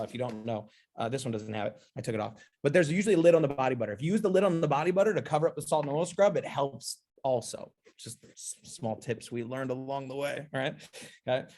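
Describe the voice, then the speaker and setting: A man's voice: medium pitch, a little mellow, a little hiss or hum. A man giving a casual, upbeat sales training demonstration, chatty and playful, often checking in with his listeners. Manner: chatty, keeps asking "okay?" and "right?".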